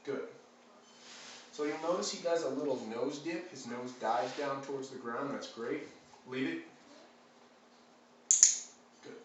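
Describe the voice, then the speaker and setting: A man teaching dog training, explaining a clicker exercise calmly and steadily, with frequent ums and uhs. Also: mid-range voice, brisk, hardly any pauses, highs cut off, background noise. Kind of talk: instructional demonstration. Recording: echoey room, mic at a distance.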